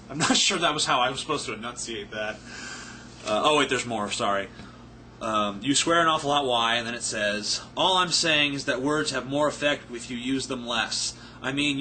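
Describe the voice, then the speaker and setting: A man's voice: medium pitch, sharp tone, slight background noise. Foul-mouthed tipsy man ranting. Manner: profane, rambling, sarcastic. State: tipsy, not sober. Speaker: vlogger answering viewer questions. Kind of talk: casual rant to camera.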